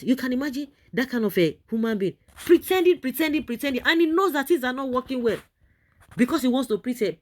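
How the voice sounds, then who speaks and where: A woman presenting online news, reading a statement and then giving her own impassioned, emphatic commentary, her pitch jumping up on key points. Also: expressive, fast talker, a little mellow.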